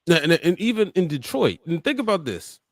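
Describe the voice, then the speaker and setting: A man co-hosting a podcast in casual chat, explaining his points in an easygoing, relaxed way. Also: a little high, fairly quick, dry recording, clean studio sound. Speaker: podcast co-host.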